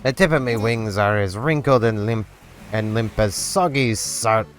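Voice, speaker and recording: A man's voice: fairly low pitch, measured pace, natural voice. A man voicing a blustering male pirate seagull castaway, reading game dialogue in a hammy, theatrical pirate voice. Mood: hearty. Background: game music.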